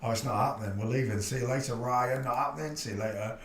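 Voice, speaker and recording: A man's voice: mid-range voice, fast talker, slight background noise. A man hosting a livestream, talking in a chatty, rambling and blunt way and laughing at his own jokes. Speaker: livestream host. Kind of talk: casual livestream commentary. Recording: roomy echo.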